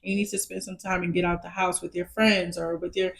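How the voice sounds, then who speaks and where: A woman's voice: on the low side, little pitch movement, fast. A woman giving a casual pick-a-card tarot reading straight to her viewers, reassuring them, repeating her points and checking in with "okay?". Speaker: tarot reader.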